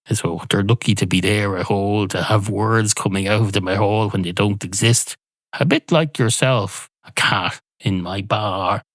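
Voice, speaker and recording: A man, hosting a podcast with a musing, deadpan comic monologue that wanders off on tangents. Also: lowish voice, no echo. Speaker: podcast host.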